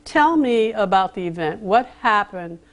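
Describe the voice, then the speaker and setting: Woman interviewer, mid-pitched, measured and formal questions. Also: expressive. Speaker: interview host.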